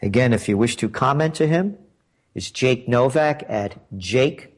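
A man's voice: mid-range voice, expressive, a little slow. A man hosting a commentary show, delivering a sarcastic, emphatic political monologue full of rhetorical questions.

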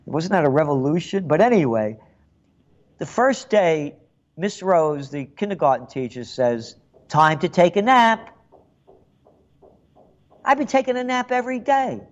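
A man's voice: fairly high pitch, sing-song, moderate pace, a little mellow, highs cut off. An older man hosting a call-in radio show, rambling and sarcastic, often repeating words. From the Bronx, New York. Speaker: radio talk show host.

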